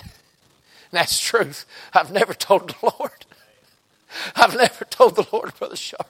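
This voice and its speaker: A man preaching a sermon in a folksy way, dropping to a hush and then building up to shouts. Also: high-pitched, a little slow, slightly rough. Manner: swings from hushed to shouting, folksy.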